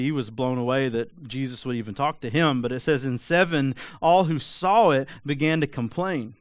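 A man preaching a sermon in a conversational, animated way with frequent rhetorical asides. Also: mid-range voice, moderate pace, hardly any pauses, no echo. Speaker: pastor.

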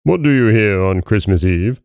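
A man voicing a stern, mocking male goblin with a deep, sneering voice in a storybook reading. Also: measured pace, creaky, warm tone, dry recording, clean studio sound.

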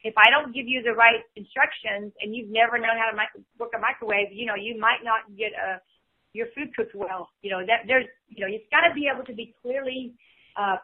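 A woman's voice: on the high side, breathy edge. A woman in her fifties, a podcast guest speaking in casual chat, full of "you know" fillers. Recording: tinny phone line.

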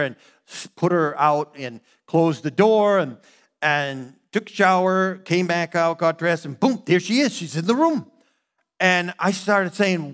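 A man in his fifties from the United States, a pastor preaching a sermon and telling a personal story with earnest, animated asides. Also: fairly high pitch, normal speed.

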